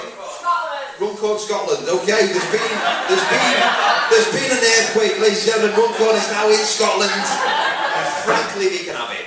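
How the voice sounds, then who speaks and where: A male stand-up comic working the room with cheeky, teasing banter. His voice sits high for a man. It is recorded from afar in an echoey club, with a loud crowd laughing and cheering. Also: recorded from a distance, very noisy. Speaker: stand-up comedian and compere. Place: comedy club, indoors.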